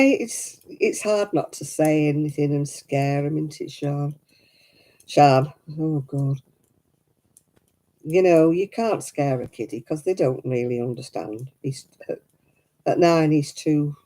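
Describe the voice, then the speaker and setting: A woman's voice: low-pitched, slow, warm tone, rough recording. A middle-aged woman chatting casually at home while she crafts. She tells stories and laughs often. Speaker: craft vlogger.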